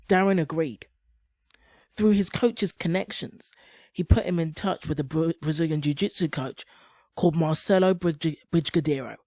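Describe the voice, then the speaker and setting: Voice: medium pitch, a little mellow, no room sound. Dry, close voice-over narrator. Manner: reads steadily, stumbling now and then on words. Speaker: video essay narrator.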